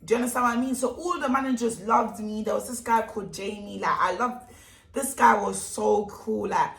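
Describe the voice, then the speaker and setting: A young woman telling a storytime vlog, animated and emphatic, full of street slang. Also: mid-range voice, a little fast, gravelly. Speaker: vlogger. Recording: echoey room.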